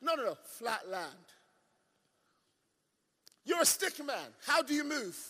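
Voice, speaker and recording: A man preaching a sermon. He swings from shouted declarations to low, drawn-out asides, and he keeps questioning the audience and repeating himself. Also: big pitch swings, husky, big-room sound. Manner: asks the audience questions and leans on repetition.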